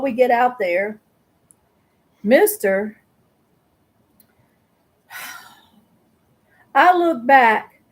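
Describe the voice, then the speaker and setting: A middle-aged woman, hosting a casual live chat and telling a story with lively acted-out voices. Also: medium pitch. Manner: animated storyteller who acts out voices. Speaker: host.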